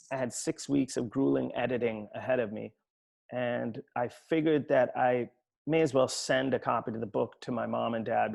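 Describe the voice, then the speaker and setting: A man, an author from Sweden, tells a personal story at an online book talk in a reflective, halting way, often restarting his sentences. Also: mid-range voice, gravelly, a little mellow.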